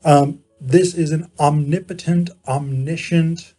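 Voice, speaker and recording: Slow, husky-voiced man lecturing. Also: fairly high pitch, steady tone, warm tone, faint music behind. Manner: measured explaining, frequent pauses and self-corrections. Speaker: philosophy lecturer. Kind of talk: informal lecture to camera.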